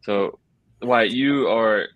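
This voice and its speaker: A man's voice: fairly low pitch, very slow, dry recording, narrow, tinny audio. A man from Georgia, hosting a podcast with joking, hyped bro-style banter. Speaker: podcast host. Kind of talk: casual interview chat.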